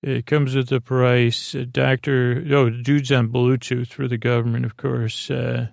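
Guy rambling through a show recap to help you sleep, monotone and gravelly, lots of uhs. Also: mid-range voice, no echo, studio quality. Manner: meandering, halting, full of fillers and restarts. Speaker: podcast host.

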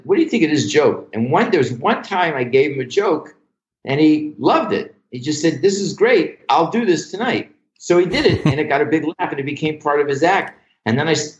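An older man spins backstage anecdotes with animated energy, swearing freely and doubling back on his words as he goes. His mid-range voice carries a roomy echo, and the recording sounds slightly dull and lo-fi. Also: mid-range voice. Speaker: comedy writer guest. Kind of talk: casual storytelling interview.

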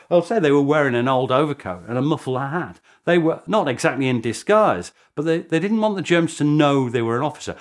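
Animated British historian, lively voice. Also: male voice, on the high side. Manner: animated storytelling with chuckling asides. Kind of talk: documentary interview.

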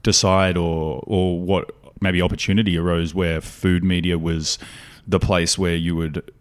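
Deep-voiced male podcast host. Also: little pitch movement, measured pace. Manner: friendly, rambling questions with restarts. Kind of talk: casual interview.

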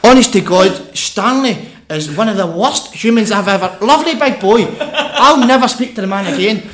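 A man's voice: sits high, animated, normal speed, fairly bright tone. A Scottish man telling a funny story as a podcast guest, laughing and swearing as he goes. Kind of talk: casual storytelling.

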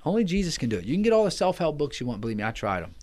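A man's voice: on the high side, very animated, very fast, darkish tone. A man speaks as a pastor guesting on a podcast. He talks earnestly and with emphasis, padding his lines with "man" and "you know." The sound is of a small studio. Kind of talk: casual testimony in a podcast interview.

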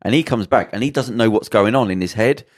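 A man's voice: on the low side, fast talker. A man on a podcast, casually retelling a drama's plot and acting out the characters' lines, swearing freely. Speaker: podcast co-host.

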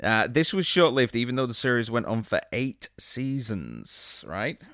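A man's voice: medium pitch, sing-song, a little slow, fairly bright tone, dry recording, studio quality. A man hosting a podcast in a casual interview chat, joking and laughing easily. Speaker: podcast host.

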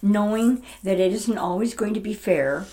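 An older woman in her seventies, a retired stage actress, reminisces about her stage roles in a casual interview, chatty and often laughing. Her voice is mellow and medium-pitched, at a moderate pace.

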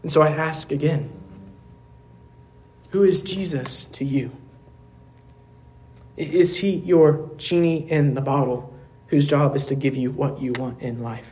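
A man pastor preaching a sermon in a church service, earnest, asking rhetorical questions and dropping to quiet emphasis. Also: on the high side, little pitch movement, normal speed.

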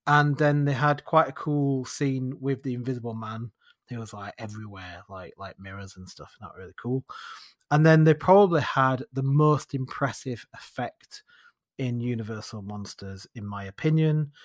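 A man's voice: medium pitch, no room sound, clean studio sound. Rambling Northern English man. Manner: rambling, laughs easily. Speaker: podcast guest. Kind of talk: casual chat.

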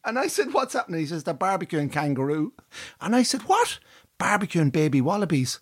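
An Irish man hosting a podcast, telling an animated travel story with frequent laughter and swearing. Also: a little high, quick pace, breathy edge. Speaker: podcast co-host.

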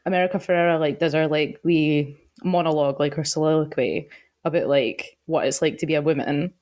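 Low-voiced Scottish young woman, blunt and teasing. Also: fairly even intonation, brisk, darkish tone. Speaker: podcast co-host. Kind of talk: casual chat.

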